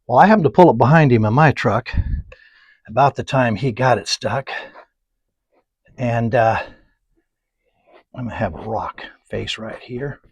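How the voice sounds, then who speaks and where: A man teaching oil painting, rambling through folksy anecdotes and muttering softly to himself while he paints. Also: medium pitch, a little slow, long pauses, breathy edge, no echo. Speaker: painting instructor. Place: painting studio.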